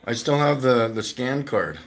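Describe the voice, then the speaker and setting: A man's voice: mid-range voice, animated, unhurried. A man hosting a live stream from home, telling casual, rambling stories, swearing freely and laughing as he talks.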